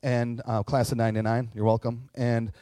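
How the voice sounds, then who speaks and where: A man's voice: mid-range voice, little pitch movement, normal speed, dark tone, no echo. A man in his forties giving a casual, conversational sermon as a pastor, acting out quotes and adding frequent asides. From Minnesota.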